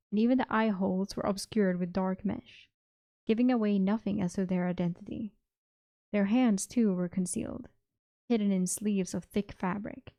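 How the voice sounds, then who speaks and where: A young woman streamer reading a fantasy story aloud at an unhurried pace, now and then correcting a word. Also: medium pitch, warm tone. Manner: unhurried, occasional self-corrections.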